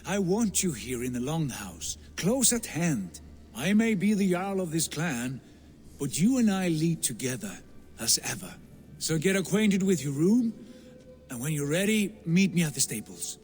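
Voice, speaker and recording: An earnest Viking jarl. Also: male voice, on the high side, very animated, unhurried, darkish tone, soft background music. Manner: earnest, formal. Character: male Viking jarl, proud, steady leader. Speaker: game character. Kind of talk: video game voice acting.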